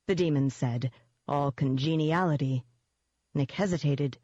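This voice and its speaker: An audiobook narrator tells a first-person fantasy story at a steady, even pace. The voice sits in a middle pitch and moves evenly through the text. The recording is dry, with a slightly muffled, lo-fi tone. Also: normal speed, dry recording.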